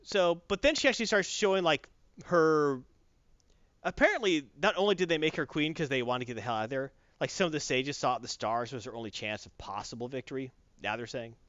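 Recapping a show in a casual way, this man slips into quick voices to act out what the characters said. He has a mid-range voice and an animated delivery, captured dry and lo-fi with no room sound.

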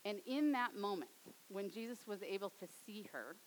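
A young adult woman preaching a sermon, dropping to a soft, hushed tone for storytelling and rising to emphatic appeals. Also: medium pitch, lively intonation, moderate pace, a little hiss or hum, low-quality recording.

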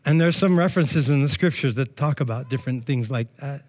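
A male pastor giving a sermon in a lively, joking, conversational way. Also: mid-range voice, fairly quick.

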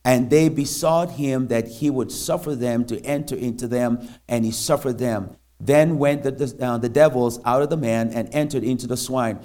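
Man, missionary preacher in church; halting, filler-heavy delivery, mid-pitched voice. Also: darkish tone. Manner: halting, many fillers and restarts. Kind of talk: sermon with scripture reading.

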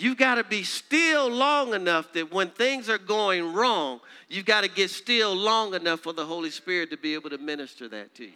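A man preaching a sermon as pastor, coaxing the congregation to repeat lines and swinging from quiet low passages to high, loud declaiming. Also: lively intonation, normal speed, few pauses, clean tone. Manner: call-and-response preaching, urging the congregation to repeat phrases.

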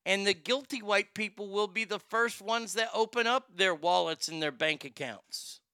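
Casual: blunt rambling guy hosting a stream, reading chat, super bright clear voice, dry sound. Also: high-pitched, moderate pace, dry recording. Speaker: show host.

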